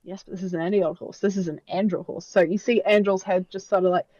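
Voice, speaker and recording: Animated woman player with sound effects. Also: mid-range voice, quick pace, no echo, lo-fi sound. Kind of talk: playing a tabletop game.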